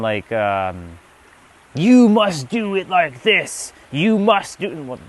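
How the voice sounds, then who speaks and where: A livestream speaker with a medium-pitched, slightly bright voice gives a motivational talk. He's emphatic and profane, and he often repeats himself.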